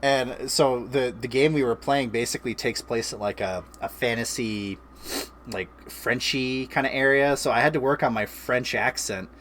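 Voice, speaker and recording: A man's voice: mid-range voice, moderate pace, a little hiss or hum. A man in his thirties hosting a casual chat, telling stories with frequent laughter. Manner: laughing, animated storyteller. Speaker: streamer host.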